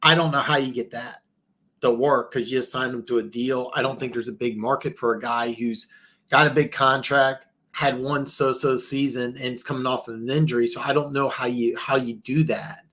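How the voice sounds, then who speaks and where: A man hosting a live football show in a casual, rambling way, with many restarts and stammers, his pitch jumping up when he is incredulous. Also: steady tone, moderate pace, a bit bright. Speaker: podcast host.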